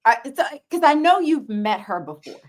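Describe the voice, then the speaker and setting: A woman's voice: sits high, sing-song, moderate pace. An American woman co-hosting a podcast, mostly giving short agreements and then asking questions in casual chat. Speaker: podcast co-host.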